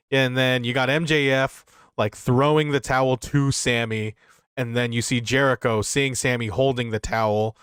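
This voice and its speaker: A man's voice: medium pitch, a bit bright, clear, resonant tone, dry recording, clean studio sound. A man co-hosting a wrestling review podcast, recapping matches in a rambling, profane, casual way. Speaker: podcast co-host.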